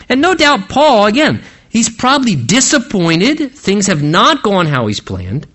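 A man delivers a sermon in a high, lively voice that rises and falls widely. He retells the story dramatically and keeps turning to his listeners with rhetorical questions. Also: a little slow. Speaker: preacher. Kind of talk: expository sermon.

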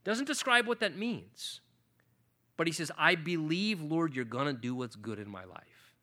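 Impassioned male pastor, bright voice. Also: a little high, expressive, measured pace. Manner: impassioned, voicing scripture with rising intensity. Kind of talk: sermon.

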